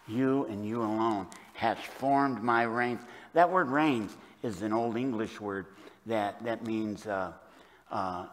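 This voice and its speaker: A man with a Midwestern American accent preaching a sermon as pastor, moving between lively storytelling and quiet, earnest emphasis. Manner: storytelling, swings from loud animated retelling to low quiet emphasis. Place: church sanctuary. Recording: long church hall reverb.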